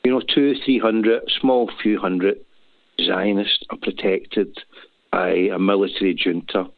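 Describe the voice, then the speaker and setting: This caller, a Glaswegian man from Scotland, rings into a talk show on a dry, tinny phone line without echo. His low-leaning voice has vocal fry, fairly even intonation and a measured pace, yet he is earnest and emotional, rambling with many restarts.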